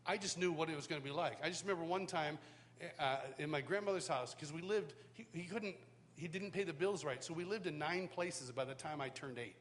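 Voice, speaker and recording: A man's voice: a little high, a little fast, a bit bright. A man from the United States giving a personal testimony at a live worship school, in a conversational storytelling way with frequent restarts. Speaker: worship teacher. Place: large hall, live event. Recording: long hall reverb, faint hum.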